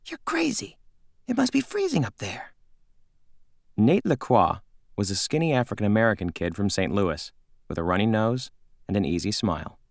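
A man reading a children's novel aloud in a calm, measured narration. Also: deep voice, no room sound, clean studio sound. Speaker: audiobook narrator. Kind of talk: scripted narration.

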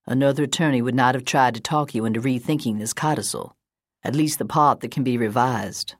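A woman reads as an older male attorney, earnest and measured, pressing his case with quiet dismay in a storybook reading. The voice sits low and husky, recorded close and dry. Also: no echo.

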